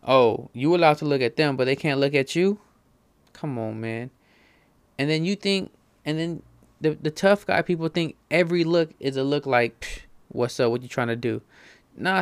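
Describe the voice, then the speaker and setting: A man's voice: on the high side, smooth, no room sound. A man hosting a comic monologue, rambling in slangy, profane talk.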